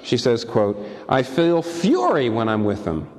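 A man's voice: mid-range voice, huge pitch swings, a little slow, a little mellow. A man preaching a sermon, emphatic and given to repeating key words for stress. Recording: long hall reverb.

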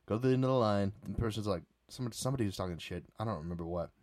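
A man with a lowish voice tells a long night-out story on his own podcast. He rambles, stops and starts, and fills gaps with "uh" and "like". The sound is close and dry, with no room around it. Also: very fast, a little mellow, no room sound. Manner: rambling, many fillers and restarts. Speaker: podcast host. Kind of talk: casual solo storytelling.

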